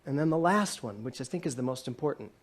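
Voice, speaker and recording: A man's voice: mid-range voice, animated, fast. A man in his sixties giving a sermon to a congregation, posing many questions and joking with the room. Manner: asks the congregation many questions, playful and laughing at times. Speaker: minister. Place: church hall with a congregation.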